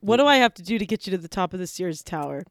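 A woman in casual comedic chat, teasing and quick to laugh. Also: on the low side, animated, dry recording.

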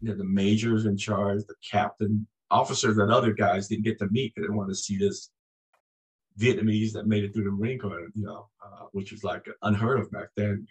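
Man in his 60s, lowish pitch, former Marine guest who narrates vividly and acts out voices. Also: brisk, poor audio. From United States. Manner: animated storyteller, acts out voices in anecdotes. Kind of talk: conversational storytelling.

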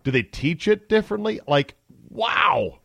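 A man's voice: sits high, expressive, unhurried, vocal fry, a bit bright, dry recording. A man hosting a podcast in casual talk, chatty and wry, with mock-amazed asides. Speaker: podcast host. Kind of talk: casual sports and news talk.

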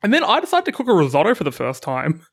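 A man's voice: a little high, huge pitch swings, fast. A young man co-hosting a podcast in casual chat, teasing and joking with his co-host.

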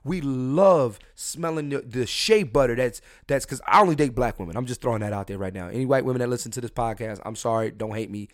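A man's voice: medium pitch, brisk, few pauses. A young man hosting a solo podcast, talking in a crude, rambling, jokey way with lots of swearing and restarts. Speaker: podcast host.

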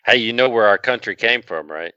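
A man's voice: medium pitch, animated, a little fast, pushed and bright, smooth, no room sound, lo-fi sound. A man co-hosting a podcast, joking, rambling and profane. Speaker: podcast co-host. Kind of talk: casual podcast chat.

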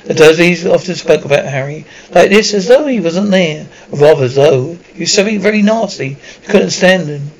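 A man's voice: fairly high pitch, animated, normal speed, few pauses, poor audio. A man narrating an audiobook chapter, stumbling often and correcting himself mid-word. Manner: stumbling, frequent self-corrections. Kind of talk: audiobook reading.

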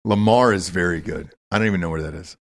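A man's voice: low voice, fast talker. A young man hosting a casual sports betting podcast, talking loosely, joking and swearing often. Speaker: podcast host.

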